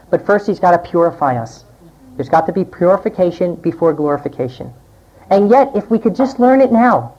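A woman preacher delivering a sermon and reading scripture aloud, acting out quoted voices with big swings in pitch. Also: warm tone. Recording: dull lo-fi recording.

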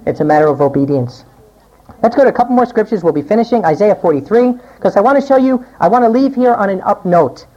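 Animated woman preaching, dull lo-fi recording. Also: fast talker. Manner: animated, acts out quoted voices with big pitch swings. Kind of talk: sermon with scripture reading.

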